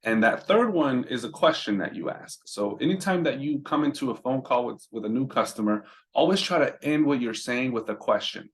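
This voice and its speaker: A man's voice: medium pitch, lively intonation, fairly quick. A man giving casual instructional talk on answering business calls, conversational and full of repeated "right?" checks. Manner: conversational, repeats words, asks "right?" often. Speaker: roadside business trainer.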